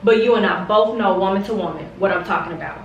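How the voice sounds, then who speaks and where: A woman's voice: medium pitch, fast talker, echoey room, distant mic, dull audio, slight background noise. A young woman vlogger speaking straight to camera, heated and confrontational, repeating her points for emphasis. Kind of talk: direct-to-camera storytime rant.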